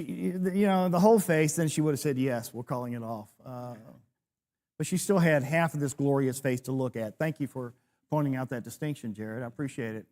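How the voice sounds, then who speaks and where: A man in his sixties leads a church class, his voice pitched in the middle range. He talks in a storytelling way and pokes fun at himself as he goes. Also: darkish tone. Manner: storytelling with self-deprecating humor. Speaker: preacher.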